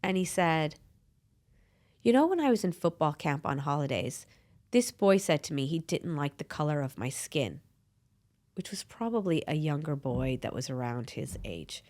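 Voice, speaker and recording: Low-voiced woman telling a family story. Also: normal speed. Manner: storytelling, animated, quoting herself and her son. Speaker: podcast host. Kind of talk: casual chat.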